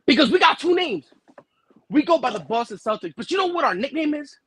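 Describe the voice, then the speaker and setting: A man's voice: extremely high pitch, sing-song, fairly quick, a bit bright. A man co-hosting a sports talk show, bragging about his team with brash trash talk and heavy slang. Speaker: sports talk co-host, basketball fan. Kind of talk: casual sports banter.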